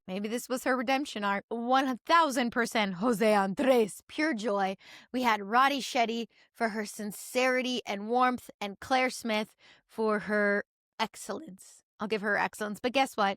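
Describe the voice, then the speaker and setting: A young woman talks straight to camera in a casual review vlog, candid and chatty, with her speech full of "like". Her voice sits a little high, and the sound is close and dry, with no room echo. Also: normal speed, a bit bright. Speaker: YouTube commentator.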